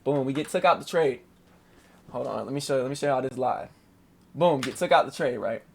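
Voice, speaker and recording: A young man casually recapping his day trade on a screen share, slangy and animated, swearing and saying "boom" a lot. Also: a little fast, creaky, slight background noise.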